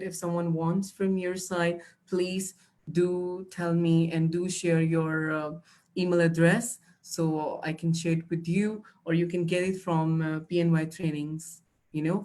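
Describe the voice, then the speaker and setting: A woman's voice: on the low side, darkish tone. A woman teaching an exam-prep class live, giving tips and calling students "dear". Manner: instructive, addresses students as dear. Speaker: IELTS trainer. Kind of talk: live online class, answering chat.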